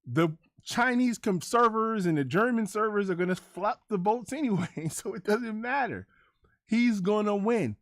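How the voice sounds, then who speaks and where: A man's voice: high voice, dry recording, clean studio sound. A man hosting a livestream, ranting to his chat in a combative, profane, repetitive way. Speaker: livestream host.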